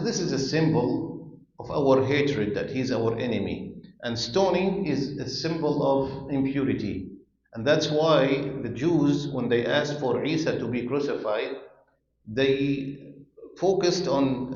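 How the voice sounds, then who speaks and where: A man's voice: mid-range voice, gravelly, darkish tone. A man, a sheikh, giving a casual Quran lesson in a mosque, conversational and joking, rephrasing as he goes. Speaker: sheikh teaching a Quran class. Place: mosque prayer hall. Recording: echoey, muffled mosque recording.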